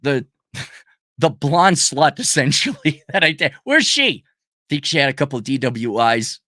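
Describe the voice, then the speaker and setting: A middle-aged man ranting in a profane, mocking monologue, often mimicking people in a high falsetto. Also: pushed and bright, no room sound, clean studio sound. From United States. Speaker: channel host.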